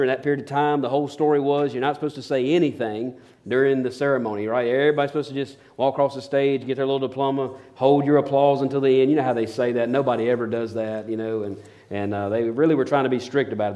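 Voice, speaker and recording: A man's voice: mid-range voice, darkish tone. A man preaching a sermon, telling stories in a folksy, rambling way with fillers and restarts. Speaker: pastor.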